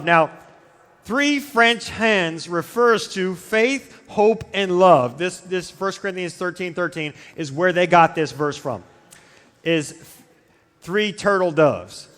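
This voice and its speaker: Rambling youth pastor in a big reverberant hall. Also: male voice, high-pitched, slow, a bit bright. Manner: rambling, digressive, self-interrupting. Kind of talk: casual humorous youth sermon. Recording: long reverb from a large hall.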